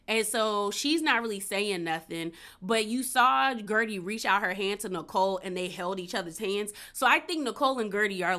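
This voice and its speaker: A woman recapping a reality show in a casual, opinionated way, full of slang and asides. She speaks in with a bright, forward voice at an ordinary pitch for a woman.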